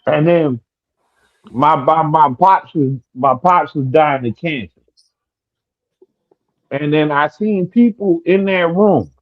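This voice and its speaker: A man's voice: a little high, slow, pauses often. A man on a casual podcast, telling a personal story with many stammered restarts. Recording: dull lo-fi sound.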